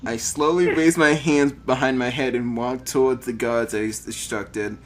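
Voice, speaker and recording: A man reads a text adventure game aloud with a mid-pitched voice, often tripping over words. He breaks off for casual joking comments between the narration.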